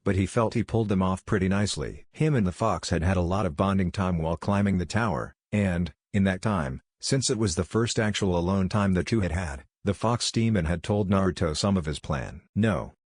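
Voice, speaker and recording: A man narrating a fan fiction story in a flat, even reading voice. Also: low-pitched, a little fast, hardly any pauses, no room sound, studio quality.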